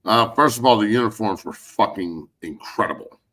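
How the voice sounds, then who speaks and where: Bright, blunt-talking man hosting sports talk. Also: lowish voice, normal speed. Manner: blunt, animated, heavy swearing. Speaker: podcast host and former football player. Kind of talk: casual profane sports talk.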